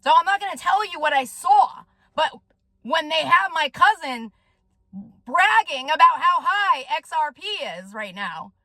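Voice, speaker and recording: A woman's voice: sits high, very animated, measured pace, bright, forceful tone, no echo. A woman vlogger ranting to her viewers in an agitated, profane way, often ending her sentences with "okay?". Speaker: vlogger and soul coach. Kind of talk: direct-to-camera rant.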